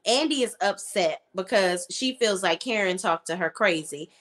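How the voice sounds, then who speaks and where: A woman's voice: mid-range voice, animated, normal speed, a bit bright. A woman giving a casual, blunt and slangy recap of a TV episode, full of her own opinions as a show reviewer.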